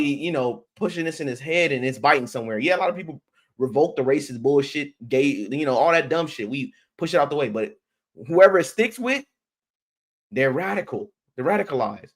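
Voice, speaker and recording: A man delivers a heated commentary rant on stream, blunt and profane. His voice sits in an ordinary middle pitch, and he keeps repeating words and restarting sentences as he pushes his argument. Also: expressive, brisk.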